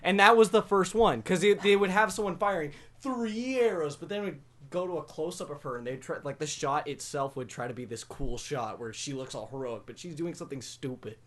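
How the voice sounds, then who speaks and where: A man's voice: a little high, brisk, few pauses. Emphatic man griping about a film. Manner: animated, emphatic complaining. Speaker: podcast co-host. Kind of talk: casual movie review chat.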